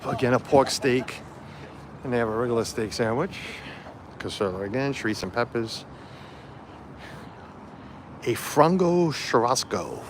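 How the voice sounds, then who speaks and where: Guy rambling on a phone livestream outside, lots of uhs, bit of street noise behind. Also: mid-range voice. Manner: rambling, chatty, many fillers and restarts. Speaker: livestream vlogger. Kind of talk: casual livestream walkthrough. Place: outdoors on a street at a festival site. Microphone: phone camera held while walking.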